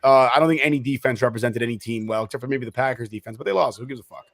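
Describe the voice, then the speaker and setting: A man's voice: mid-range voice, very fast, fairly bright tone, no room sound. A man co-hosting a casual sports podcast, wisecracking and mocking as he talks. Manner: mocking storyteller who acts out voices in quotes. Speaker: podcast co-host.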